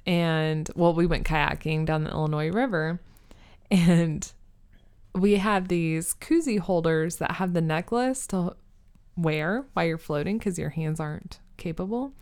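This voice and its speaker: A young woman co-hosting a casual chat podcast, talking in a dry, sarcastic, deadpan way. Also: fairly low pitch, unhurried, clean tone. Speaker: podcast co-host.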